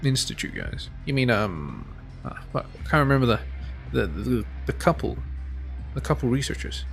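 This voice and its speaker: A man's voice: medium pitch, very animated, moderate pace, creaky, a bit bright, soft background music. A man chatting and joking while playing a video game, swearing freely. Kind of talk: casual let's-play commentary.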